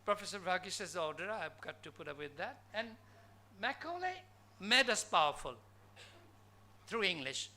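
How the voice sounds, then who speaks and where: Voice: medium pitch, big pitch swings, moderate pace, pauses often, sharp tone. A conference speaker from Bangladesh giving an academic lecture in a college hall, posing emphatic rhetorical questions to the audience.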